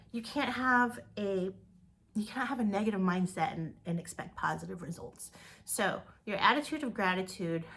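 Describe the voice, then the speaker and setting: A woman's voice: mid-range voice, fairly bright tone, slight background noise. A woman giving an upbeat motivational talk to her direct sales team, repeating words for emphasis.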